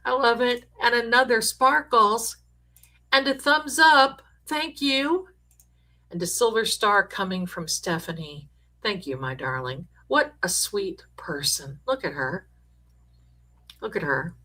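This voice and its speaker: A woman's voice: fairly high pitch, unhurried, sharp tone. A middle-aged woman hosting a livestream in casual chat, effusively thanking viewers by name. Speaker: livestream host.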